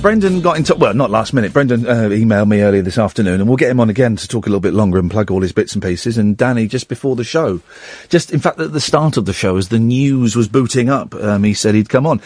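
A man hosting a late-night radio show, talking quickly and eagerly in a casual chat. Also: lowish voice, no echo. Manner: quick, lively, eager questions. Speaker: radio host.

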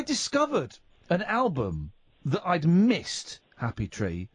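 A man's voice: sits high, huge pitch swings, moderate pace, husky, no echo. A man hosting a radio phone-in, chatting casually and jokily, often stammering and restarting. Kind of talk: casual chat.

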